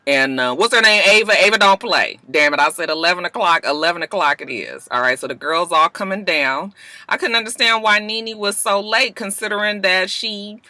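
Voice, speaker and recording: A woman giving a sassy, profane, animated recap of a reality TV episode from her car. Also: mid-range voice, normal speed, no room sound. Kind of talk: casual reality show recap. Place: parked car.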